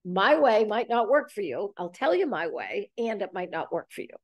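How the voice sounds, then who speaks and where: A woman's voice: mid-range voice, moderate pace, dry recording. A woman in her seventies hosting a casual group talk, telling stories and acting out quoted lines. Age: 70s. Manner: animated storytelling, acts out quoted dialogue. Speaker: host leading a group talk. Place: boxing gym.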